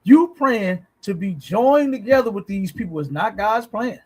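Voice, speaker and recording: A man with a rather high voice holds forth on a livestream, reacting to clips. He talks bluntly and preachily, curses freely, and keeps checking in with his listeners. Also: lively intonation, moderate pace, darkish tone, low-quality recording. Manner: blunt, preachy, swears, asks "you understand?". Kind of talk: casual commentary on a livestream.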